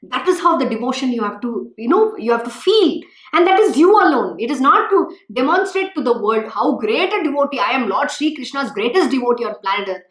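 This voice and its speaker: High-voiced woman scolding devotees. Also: very animated, brisk, hardly any pauses, reverberant. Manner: scolding, emphatic, rhetorical questions. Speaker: spiritual teacher. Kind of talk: devotional talk.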